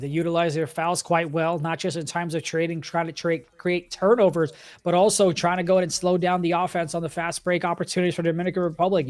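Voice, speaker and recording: A man with a high-pitched voice casts an esports basketball final. He talks through the numbers and the defensive choices in an even, analytical sports-commentary way. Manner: analytical, steady play-by-play breakdown.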